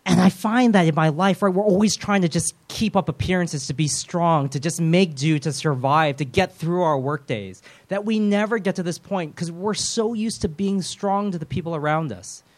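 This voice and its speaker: A man preaching a sermon in a lively, conversational way, with self-deprecating humor and quick role-played voices. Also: a little high. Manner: animated, acts out voices of biblical figures.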